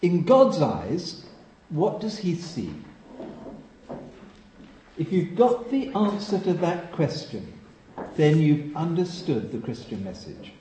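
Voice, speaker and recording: A man from England preaching a sermon, telling stories with lively emphasis and dropping to a quiet hush at solemn points. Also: a little high, slow pace, pauses often, roomy sound, a little hiss or hum, rough recording. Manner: animated storytelling, drops to a hush for solemn moments.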